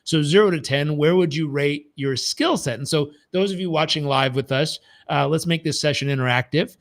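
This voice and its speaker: This performance coach leads a live motivational session in a slightly high voice at a normal speed. His delivery is emphatic and repetitive, and he frequently stumbles and starts his sentences over.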